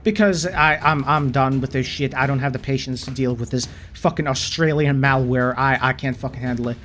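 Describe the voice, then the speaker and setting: A man's voice: medium pitch, fairly quick, a bit bright, slight background noise. A man ranting with exasperation and heavy swearing while recording his screen, often stammering into restarts, his throat sore. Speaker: channel host.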